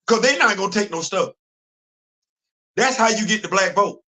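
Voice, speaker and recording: A man hosting a casual live-stream chat about comics and culture, animated and repeating phrases for emphasis. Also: high voice, normal speed, rough recording.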